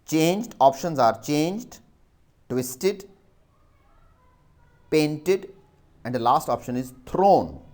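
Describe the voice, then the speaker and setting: Pakistani guy teaching, slow dictation, spells stuff out, voice goes up and down a lot. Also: a little high, lively intonation, a little mellow. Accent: Pakistani English. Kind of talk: dictating a vocabulary exercise.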